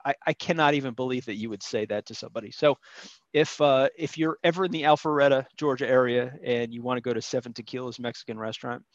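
A man's voice: medium pitch, no room sound. A man calling in to tell a story in a rambling, indignant way. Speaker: caller telling a story. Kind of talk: casual phone-in storytelling. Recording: dull, dry lo-fi line.

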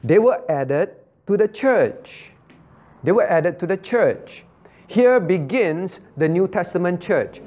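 A man's voice: sits high, animated, takes it slowly, darkish tone. A male pastor teaching a Bible study. He repeats key phrases and quizzes his listeners by name. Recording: muffled lo-fi recording.

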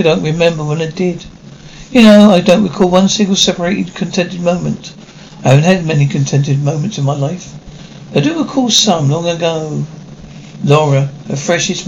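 An older actor playing a melancholy aging stage star in a 1950s television drama, talking in a wistful, theatrical way. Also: male voice, on the high side, vocal fry, darkish tone, lo-fi sound. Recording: faint hiss of an old TV soundtrack.

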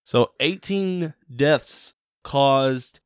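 A man's voice: mid-range voice, very slow, smooth, no room sound, studio quality. A man with a Southern American accent co-hosting a casual podcast chat, rambling with plenty of fillers. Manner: rambling, filler-heavy, lots of "like" and "literally". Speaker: podcast co-host.

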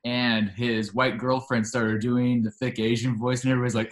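A man's voice: medium pitch, level tone, normal speed, hardly any pauses. A man hosting a podcast, talking in a casual, chatty way and eagerly retelling scenes at length. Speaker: podcast host.

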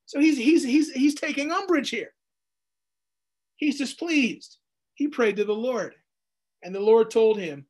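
A man in his thirties teaching verse by verse through scripture in a jokey, animated way, acting out the quotes. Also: extremely high pitch, unhurried, pauses often. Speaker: Bible teacher.

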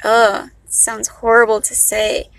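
A young woman from Miami talks off the cuff in a vlog, poking fun at herself as she goes. Her speech carries a Miami accent with a valley-girl lilt, set a little high and bright, with a gravelly fry on the ends of phrases. The recording is dry and close. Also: completely flat delivery, unhurried, no echo, rough recording. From Miami, Florida. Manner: chatty, self-mocking, loose. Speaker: vlogger. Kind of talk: casual unscripted rambling.

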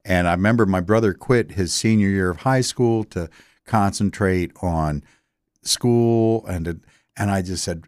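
An older man from Delaware answers interview questions in a rambling, easygoing way, full of fillers and restarts. His voice sits very low. The sound is dry and close. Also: measured pace, a little mellow, no echo. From Delaware, USA. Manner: rambling storytelling with many fillers. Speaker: interview guest. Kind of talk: casual interview.

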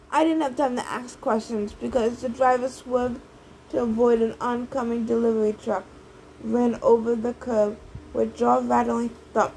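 A woman reading a first-person novel aloud in a brisk, lively storytelling manner. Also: fairly high pitch, gravelly, a little hiss or hum, low-quality recording. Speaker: audiobook reader.

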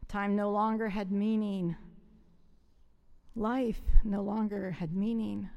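A woman pastor preaching a sermon as a dramatic first-person story, telling it with theatrical emotion. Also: on the high side. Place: church sanctuary. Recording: long reverb of a large hall.

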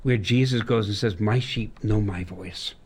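A man, a pastor, talking through a Bible passage with a colleague and reading verses aloud slowly in old-style wording. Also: on the low side, husky. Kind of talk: conversational Bible discussion.

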